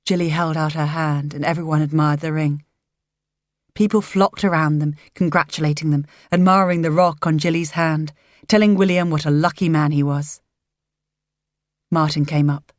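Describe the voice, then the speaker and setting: A woman reads a story aloud in a low, gentle and measured voice. She speaks close to the mic, and the sound is dry. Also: steady tone, no echo. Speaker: narrator. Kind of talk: audiobook narration.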